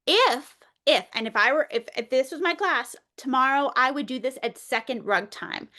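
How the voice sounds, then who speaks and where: A middle-aged woman leading a teacher workshop, playful and animated, often slipping into a lively voice aimed at young children. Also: sits high, moderate pace. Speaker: early childhood educator leading a webinar.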